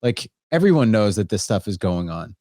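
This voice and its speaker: A man's voice: on the low side, sing-song, normal speed, dark tone, no echo, studio quality. A young man co-hosting a podcast in a laid-back, joking way, with many fillers. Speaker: podcast co-host. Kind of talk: casual chat.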